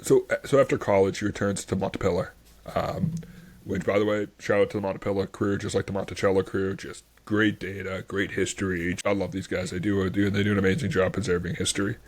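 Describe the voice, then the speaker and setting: A man's voice: low-pitched, flat delivery, a little fast. A man hosting a history podcast, chatting casually and enthusiastically, rambling with many fillers. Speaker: podcast host.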